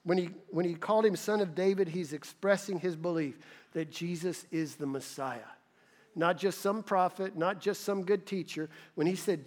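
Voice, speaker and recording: High-voiced preacher in a ringing hall. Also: male voice, moderate pace, darkish tone. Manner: earnest, rising to emphatic peaks. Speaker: pastor. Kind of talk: sermon.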